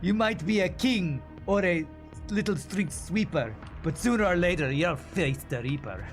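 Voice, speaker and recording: A man voicing a grim reaper in a heavy, deliberately bad mock accent, slow and menacing. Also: sits high, expressive, soft background music, pitched above the performer's own voice. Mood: booming.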